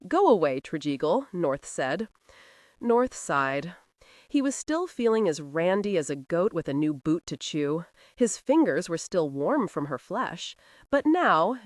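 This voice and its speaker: Expressive woman narrating an audiobook. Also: sits low, dry recording, clean studio sound. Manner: expressive storytelling. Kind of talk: scripted narration.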